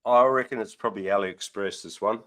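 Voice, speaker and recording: A man's voice: on the low side, a little fast, fairly bright tone. An Australian man hosting a casual mail-opening livestream, easygoing and full of local slang. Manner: easygoing, uses Aussie slang like mate and reckon. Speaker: host of an RC mail-opening show.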